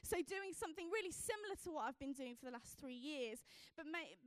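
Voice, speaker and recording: A woman's voice: sits high, lively intonation, brisk, dry recording, clean studio sound. A young woman giving a chatty personal testimony from a church stage as a youth evangelist, with lots of fillers as she tells her story.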